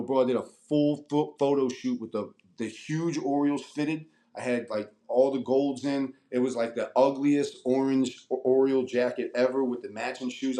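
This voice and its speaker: A man in his forties from Annapolis, Maryland, telling stories as a guest in a casual interview, profane and animated, acting out the voices of people he quotes. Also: medium pitch. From Annapolis, Maryland, USA. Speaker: guest rapper.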